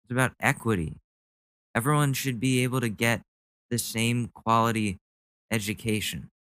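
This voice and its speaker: A man hosts a podcast of casual comedic commentary, going on sarcastic, mocking rants about the news. His mid-range voice is a bit bright, at normal speed, with no room sound.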